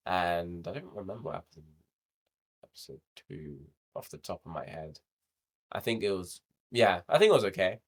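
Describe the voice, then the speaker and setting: A man's voice: sits low, animated, normal speed. A young man co-hosting a podcast, chatting casually about a show, laughing often and swearing freely. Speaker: podcast co-host. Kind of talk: casual review chat.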